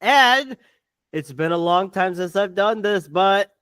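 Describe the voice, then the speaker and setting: A podcast co-host delivering a heated sports rant, swearing and tripping over restarts while talking fast. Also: mid-range voice, lively intonation, fairly bright tone, clear, resonant tone, dry recording.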